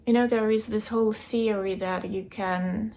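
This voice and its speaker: A young woman keeping a video diary, recounting a dream in a hesitant way, searching for words and filling pauses with "like". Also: mid-range voice, fairly even intonation, dark tone. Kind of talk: casual personal storytelling.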